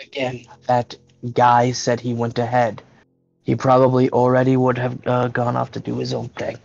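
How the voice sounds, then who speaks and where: A man in a tabletop game who speaks in a flat, gravelly monotone. He talks bluntly and hesitantly. His voice is dulled by a muffled voice-chat line. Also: mid-range voice, moderate pace, no room sound, soft background music. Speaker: player. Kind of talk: casual tabletop role-play.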